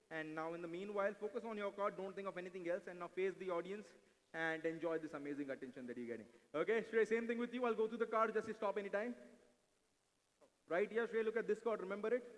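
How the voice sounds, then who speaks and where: Male mentalist, playful stage patter, rapid delivery, handheld mic in a reverberant hall. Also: high-pitched. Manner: brisk and playful, mixing English with Hindi, coaxing volunteers. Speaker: stage mentalist performing card tricks. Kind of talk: live stage mentalism act with audience volunteers. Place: large event hall. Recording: live hall recording with long reverb.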